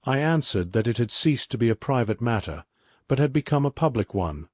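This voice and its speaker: Male narrator, sleep story audiobook, mid-range voice, dry close mic, measured reading. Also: mid-range voice, very animated, a little mellow, dry recording.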